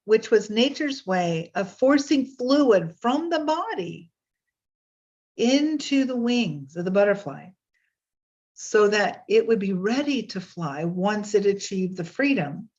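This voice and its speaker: A woman's voice: medium pitch, animated, takes it slowly. A woman hosting a casual online session, talking in a chatty, meandering way with fillers and restarts over a video call. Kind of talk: casual spoken reflection with readings. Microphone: webcam on a video call. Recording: slightly dull lo-fi audio.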